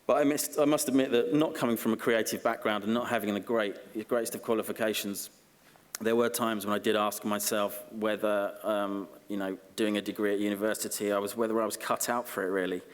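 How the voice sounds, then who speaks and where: Accepting an honorary degree, an Essex man speaks in a low-leaning voice that echoes at length around a big ceremony hall. His humor is deadpan and self-mocking, and he hesitates with frequent ums.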